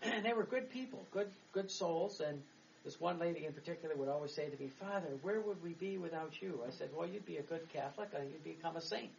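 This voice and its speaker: With a gravelly, slightly high voice and a quick pace, a middle-aged man who is a Catholic priest rambles through a chatty homily, laughing and restarting as he goes. The distant mic gives a dull sound and picks up faint background noise.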